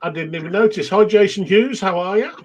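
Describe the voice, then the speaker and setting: A man's voice: sits high, brisk. A middle-aged man with an English accent, chatting casually with friends, swearing freely and laughing often as he tells stories. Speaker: host of a chat stream. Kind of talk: casual chat among friends.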